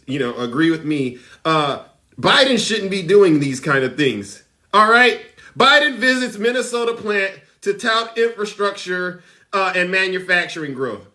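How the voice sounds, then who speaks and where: Bright-voiced man in sarcastic mock outrage. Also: high-pitched. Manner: mock outrage, theatrical shouting for irony. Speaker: livestream host. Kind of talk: sarcastic political commentary.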